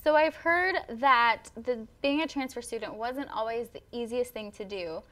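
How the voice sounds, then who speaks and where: A woman's voice: on the high side, normal speed, fairly bright tone. A young woman hosting a student talk show, chatty and playful as she interviews and introduces guests.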